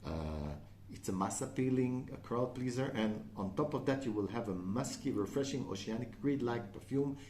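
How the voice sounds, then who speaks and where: A man's voice: mid-range voice, normal speed, dark tone, reverberant, a little hiss or hum. A man with a French accent, a native French speaker, chatting casually in a perfume review and often checking in with "okay?". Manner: chatty, frequent "okay?" and "uh" fillers.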